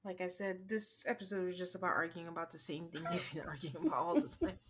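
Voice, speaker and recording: A woman co-hosting a podcast, chatting casually and retelling scenes by quoting people in a flat, drawn-out voice. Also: lowish voice, crowd noise. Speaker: podcast co-host. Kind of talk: casual recap chat.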